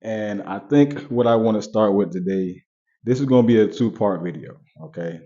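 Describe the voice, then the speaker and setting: Low, dark-voiced man vlogging casually. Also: animated, moderate pace, dull audio. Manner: conversational, repeats points, talks straight to viewers. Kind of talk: casual commentary vlog.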